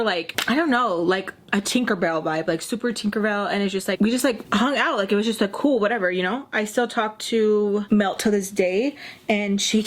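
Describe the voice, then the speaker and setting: Young woman, storytime vlogger, chatty, lots of "like", mid pitch, acts out quotes. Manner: chatty, heavy use of "like", acts out quotes in quick bursts. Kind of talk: casual storytime chat.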